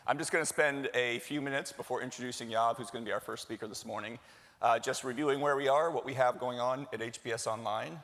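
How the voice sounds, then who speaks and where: A man's voice: mid-range voice, fast talker, fairly bright tone. Jokey man welcoming a big hall. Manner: jokey, chatty, works the crowd with questions. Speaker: executive director giving opening remarks. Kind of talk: live conference welcome speech. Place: large hall with live audience. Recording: long hall reverb.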